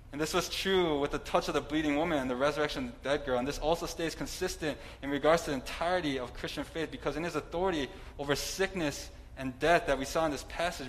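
A man delivers a sermon in a relaxed, conversational manner, slipping in asides and light humor. His voice sits in an ordinary middle pitch, with a faint background hiss. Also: rough recording. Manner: conversational preaching with humor and fillers. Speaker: preacher.

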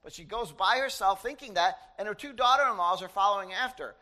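Animated high-voiced male preacher. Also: a little fast. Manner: conversational and animated, with asides to the congregation. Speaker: pastor. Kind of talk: sermon.

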